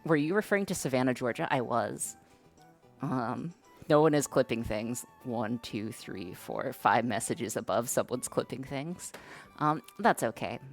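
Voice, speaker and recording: A woman with a remarkably low voice chats casually with her stream audience. She talks hesitantly and self-consciously, with frequent fillers and restarts, while faint music plays underneath. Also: lively intonation, measured pace. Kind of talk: casual live-stream chat.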